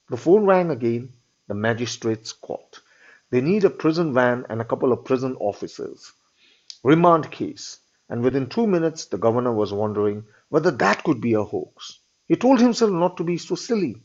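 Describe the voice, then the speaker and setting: Man, teacher, husky voice, dull lo-fi recording, explaining a story, checks in with "all right?". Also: mid-range voice, very animated, normal speed, darkish tone. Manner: retells the story in his own words with frequent "all right?" checks.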